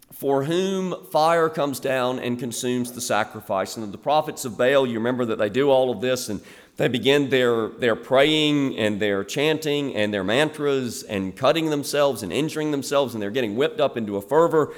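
A man preaching an expository sermon as a pastor, animated, moving between loud emphasis and quiet asides. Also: medium pitch. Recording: long reverb of a large hall.

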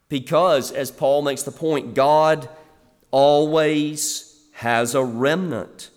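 A man preaching an expository sermon as a pastor, animated, moving between loud emphasis and quiet asides. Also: on the high side, slow pace, clean tone. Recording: long reverb of a large hall.

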